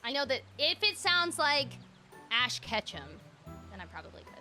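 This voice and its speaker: A woman with a high, bright voice chats candidly to her viewers while she plays a game. Her speech swoops up and down with lots of energy, with faint music underneath. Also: moderate pace. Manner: candid, animated, chatty. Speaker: streamer. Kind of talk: casual gaming livestream chat.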